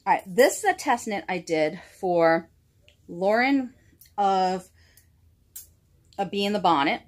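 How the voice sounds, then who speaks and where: Female knitting podcast host, casual and chatty, gushing, self-deprecating. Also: mid-range voice. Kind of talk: casual show-and-tell chat.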